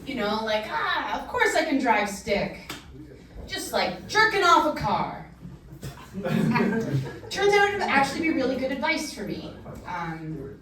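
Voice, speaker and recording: A woman doing a stand-up set of crude, deadpan one-liners. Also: fairly high pitch. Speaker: stand-up comedian. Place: large room at a comedy show. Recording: very echoey hall, distant mic, crowd noise. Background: audience laughter.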